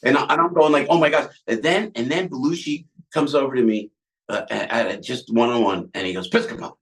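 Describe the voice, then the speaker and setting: An older man with a New Jersey accent tells stories as a podcast guest, in a voice sitting in the middle of the male range. He is animated and jumps up in pitch to act out what other people said. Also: a little fast, slight background noise. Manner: lively, acts out other people's lines with big pitch jumps. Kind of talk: animated storytelling.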